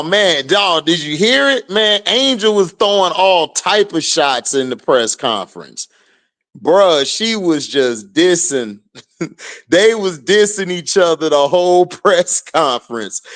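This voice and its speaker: Male streamer, unhurried delivery, casual trash-talking game commentary with frequent laughs. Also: a little high. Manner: slangy, laughing, animated trash talk. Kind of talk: casual live watch-along commentary.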